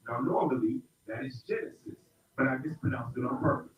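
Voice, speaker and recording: A man's voice: medium pitch, a little fast, few pauses, a bit bright. A middle-aged man from South Carolina teaching a hip-hop rhyming workshop to a group, upbeat and playful, with call-and-response. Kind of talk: interactive workshop lesson. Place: indoor room with an audience. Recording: roomy, distant, dull sound.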